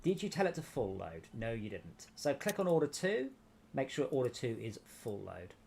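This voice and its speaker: A man's voice: medium pitch, very animated, normal speed, creaky, a little mellow, a little hiss or hum. A man hosting a game stream, casually talking other players through each step. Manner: instructive, talks players through steps. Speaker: stream host guiding players. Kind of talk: casual gaming chat.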